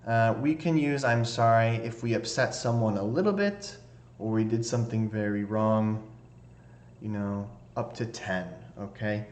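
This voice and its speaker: A man's voice: lowish voice, a little slow. A man teaching an English lesson, explaining patiently and often checking in with the learners by asking "okay?". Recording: echoey room.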